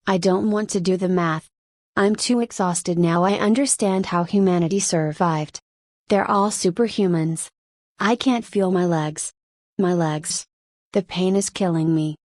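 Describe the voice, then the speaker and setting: A woman's voice: medium pitch, darkish tone, no room sound, clean studio sound. Woman reading as a worn-out young man. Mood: exhausted. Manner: frustrated, complaining, out of breath. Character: exhausted young man pushed to his limits.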